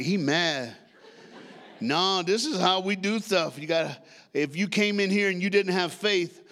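A guest preacher in his sixties, speaking at a fairly high pitch, delivers a lively sermon. He leads the congregation in call-and-response, shouting and half-singing at the peaks and joking in between.

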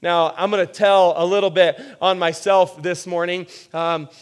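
High-voiced casual male pastor preaching. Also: level tone, moderate pace, smooth. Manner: casual, self-deprecating storytelling with frequent restarts. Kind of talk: sermon. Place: church.

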